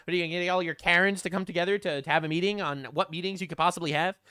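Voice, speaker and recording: A man's voice: sits high, fairly even intonation, rapid-fire, pushed and bright, smooth, no echo, studio quality. A man doing reaction commentary, sarcastic and mocking, often laughing at what he reads. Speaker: online political commentator.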